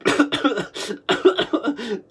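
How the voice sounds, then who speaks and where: A woman reliving a memory aloud, halting and repetitive, coughing between phrases and swinging between laughing and crying. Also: a little high, fairly bright tone, slightly rough.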